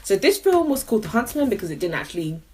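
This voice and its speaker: A young adult woman co-hosting a casual film review, animated and blunt, often swearing and laughing. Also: medium pitch, fast talker.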